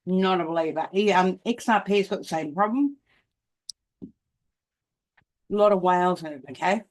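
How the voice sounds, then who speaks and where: A woman's voice: mid-range voice, normal speed. An older woman with an Australian accent, talking casually to camera about markets, emphatic and often checking in with "okay?". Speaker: crypto commentator.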